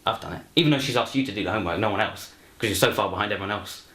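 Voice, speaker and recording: A man's voice: lowish voice, very fast, a bit bright. A young man introducing himself and telling a comic story, rambling with many fillers and restarts. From London. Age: young adult. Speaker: university student, actor. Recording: roomy echo, faint music.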